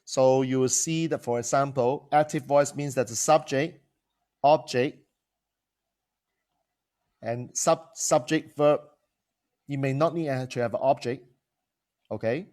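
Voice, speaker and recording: A man's voice: medium pitch, unhurried, pauses often, darkish tone. A man, teaching as a coach who often restarts phrases and asks rhetorical questions. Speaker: coach and trainer. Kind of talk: teaching talk to camera.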